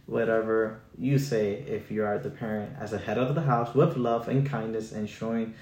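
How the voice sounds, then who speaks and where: A man's voice: fairly low pitch, fairly even intonation, moderate pace, darkish tone, slight background noise. A man who is a church leader, speaking earnestly in a podcast chat, quoting scripture and dropping in Spanish words. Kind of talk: conversational teaching with scripture. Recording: roomy echoey room.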